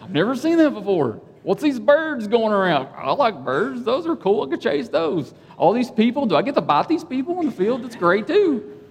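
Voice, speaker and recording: An eager young police dog, as a man puts him on for a story told in a sermon, curious about everything and quick to wander off in thought. The voice sits a little high and swings up and down. A long reverb from the hall trails each phrase. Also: big pitch swings, slightly rough, full character voice. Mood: excited. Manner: wide-eyed, eager, easily distracted.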